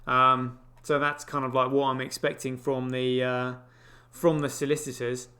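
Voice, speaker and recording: A man's voice: medium pitch, flat delivery, moderate pace, sharp tone. A man hosting a live online show, rambling through casual news commentary with lots of fillers and wry asides. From United Kingdom.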